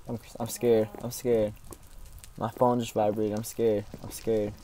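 A man's voice: on the low side, little pitch movement, measured pace, mellow, slight background noise. A man giving let's play commentary, joking around and yelping in mock panic when things go wrong. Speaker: gaming YouTuber.

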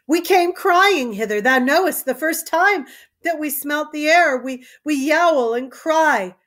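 A woman reading aloud as a mad old king, crying out, laughing and shouting in high, shrill bursts. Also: animated, unhurried. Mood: grieving, preaching. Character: mad old king, raving, weeping and wild.

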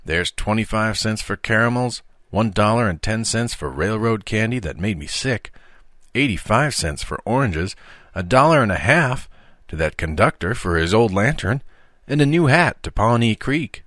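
A man voicing a chubby, mischievous young boy in an audiobook reading, with excited high boyish outbursts. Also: moderate pace, dry recording, studio quality. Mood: grumbling.

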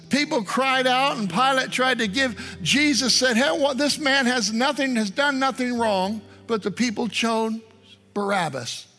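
Bright high-voiced preaching pastor. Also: male voice. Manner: earnest preaching with prayerful asides. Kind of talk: sermon. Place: church. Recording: online service stream with music.

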